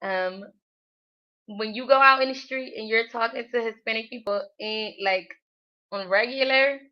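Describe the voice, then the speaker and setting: A woman's voice: fairly high pitch, normal speed. A woman hosting a casual Spanish-learning livestream, chatty and full of fillers, often laughing at herself. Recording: dull lo-fi livestream audio.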